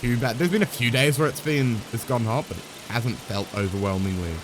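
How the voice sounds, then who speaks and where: A man's voice: medium pitch, fairly quick, noisy background. A man streaming a game live, chatting casually in a rambling, joking way with some swearing.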